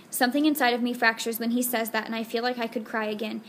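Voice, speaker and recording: A woman narrates a first-person novel with earnest, intimate delivery. Her voice sits slightly high, and a faint hiss lies under the recording. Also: fairly even intonation, quick pace, fairly bright tone. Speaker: audiobook narrator.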